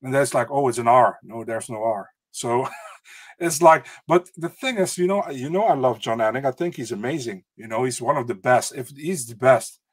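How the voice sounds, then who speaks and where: A man's voice: mid-range voice, moderate pace, no echo. Easygoing male podcast co-host. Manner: hesitant, many fillers and restarts, laughs easily. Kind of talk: casual chat.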